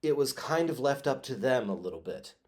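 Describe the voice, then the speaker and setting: A man's voice: medium pitch, expressive, fairly quick, a little mellow. A man giving a recorded history lecture in a conversational way, with frequent filler words and small self-corrections. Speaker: history teacher.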